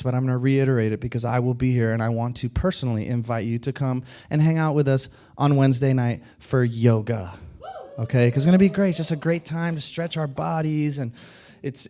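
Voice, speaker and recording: A man preaching a Sunday sermon, telling jokey stories with acted-out voices before reading scripture. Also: mid-range voice. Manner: animated storytelling, acting out voices. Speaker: pastor.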